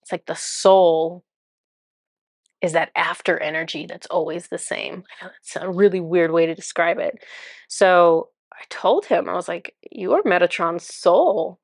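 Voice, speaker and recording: Amused, chatty woman with a lowish voice. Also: flat delivery, a little slow, vocal fry, dry recording, clean studio sound. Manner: chatty and amused, laughs often while recounting. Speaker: spiritual channeler. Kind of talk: casual storytelling to camera.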